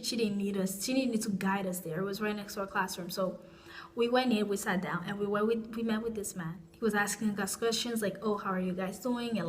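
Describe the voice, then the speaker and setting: A young woman vlogger telling a personal story in a casual, rambling way, with frequent restarts and asides. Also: mid-range voice.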